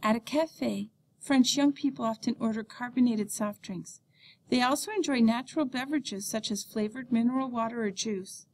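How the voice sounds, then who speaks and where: A woman teacher reading a beginner French textbook lesson aloud, saying the French words slowly and clearly. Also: on the high side.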